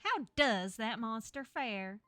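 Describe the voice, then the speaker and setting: A spry, grudge-holding old woman from a story game, gossiping with sharp little jabs, as a woman puts her on. Her voice rings bright and forward, recorded close and dry with no room around it. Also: a little high, animated, takes it slowly, no echo, faint music behind, full character voice. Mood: gossipy. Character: feisty elderly woman townsperson with a grudge.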